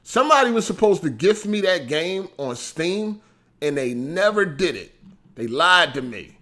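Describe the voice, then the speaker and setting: A man chatting casually on a gaming stream, animated and profane, laughing often and swinging from loud bursts to mumbles. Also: sits high, measured pace. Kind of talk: casual livestream chat.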